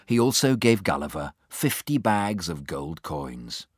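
A man reading a children's storybook aloud with lively expression, acting out the characters. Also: sits low, unhurried, dry recording, clean studio sound, faint music behind. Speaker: narrator.

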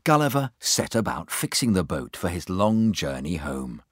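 Low husky male storybook narrator. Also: moderate pace, no room sound, studio quality. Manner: expressive, acting out each character. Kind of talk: storybook reading aloud.

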